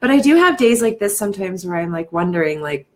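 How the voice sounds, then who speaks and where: Woman coach, casual home live stream, reflective and emotional, lots of "like" and soft laughs. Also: expressive, fast. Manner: greets viewers in a bright, high lift. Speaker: life coach and speaker. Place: at home in the evening.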